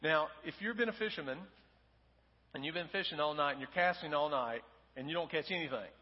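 A man's voice: a little high, fairly quick, long reverb tail, muffled recording. A man preaching a sermon in a church, conversational with fillers, acting out quoted lines. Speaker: pastor. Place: church sanctuary.

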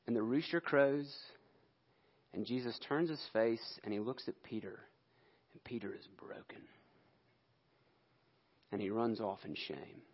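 A male preacher telling a scripture story in an animated sermon, acting out the quotes. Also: medium pitch, a little slow, pauses often, breathy edge, muffled recording.

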